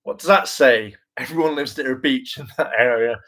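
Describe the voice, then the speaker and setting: A man of ordinary pitch chats loosely to his viewers. He wanders from one thought to the next with plenty of "um"s and "like"s. He mocks himself and swears now and then in an easy, offhand way. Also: normal speed, fairly bright tone, rough recording. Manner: chatty and self-mocking, with frequent fillers, laughs and mimicked voices; casual swearing. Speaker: vlogger and hopeful actor. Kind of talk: casual rambling commentary.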